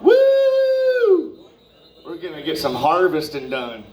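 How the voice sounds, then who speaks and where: A young stand-up comedian at an open mic in a comedy club tells rambling, profane stories packed with asides. His voice is medium-pitched and his pace measured. The recording is roomy and distant, as in a live club.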